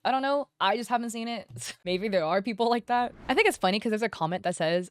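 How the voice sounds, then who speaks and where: A young woman giving casual, animated commentary as a streamer, often slipping into quick quoted voices. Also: fairly high pitch, no room sound, studio quality. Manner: animated, conversational, quoting others in quick voices. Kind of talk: casual commentary on online drama.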